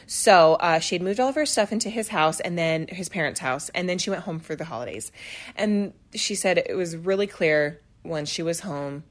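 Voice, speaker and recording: A podcast co-host with a voice on the low side tells a story in casual chat at a normal speed. She performs the voices of the people in it and laughs a lot, keeping things animated.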